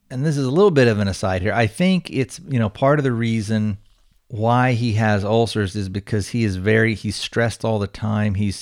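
Lowish and a little mellow, a man's voice walks through a movie's story on a podcast. He rambles and relies heavily on fillers and hedging words.

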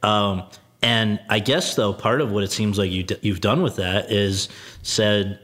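A man hosts an interview and frames his questions at length. He speaks in a measured, thoughtful way, restarting phrases as he thinks. His voice sits on the low side. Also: steady tone, a bit bright. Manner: measured, reads quotes, thinks aloud with restarts. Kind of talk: conversational interview.

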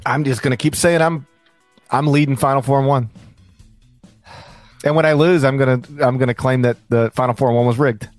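A man's voice: medium pitch, fairly even intonation, fairly quick, pauses often, soft background music. A man co-hosting a casual sports podcast, rambling and joking, now and then reading lines like an announcer. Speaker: podcast co-host.

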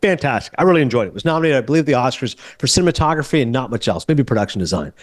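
Canadian guy hosting a movie podcast, talks super fast, dry close sound, lively storyteller. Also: medium pitch, no echo. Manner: animated storyteller who acts out other people's lines. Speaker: podcast host. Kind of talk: casual film podcast chat.

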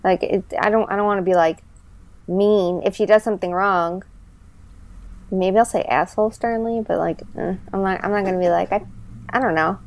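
A woman in casual podcast chat, telling stories in an animated, chatty way with many fillers. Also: mid-range voice, normal speed.

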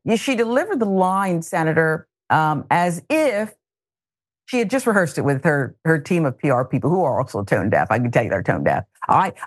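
A woman's voice: on the low side, vocal fry, no echo, clean studio sound. A woman hosting a news talk show, giving opinionated and sarcastic commentary. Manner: animated, exasperated, sarcastic. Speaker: host.

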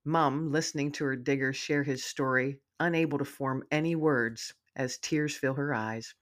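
Woman author reading her story out loud, heartfelt and gentle. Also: a bass voice, steady tone, normal speed. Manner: warm, heartfelt narration. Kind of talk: storytelling read-aloud.

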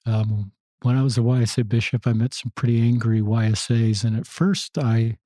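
A man's voice: mid-range voice, steady tone, moderate pace, dark tone, dry recording. A man hosting a podcast, speaking thoughtfully and affirming his guest in casual interview talk. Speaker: podcast host.

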